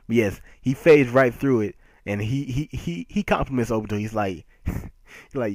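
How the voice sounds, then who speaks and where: A man giving a casual manga chapter review, animated and emphatic, laughing often. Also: mid-range voice, unhurried, no echo.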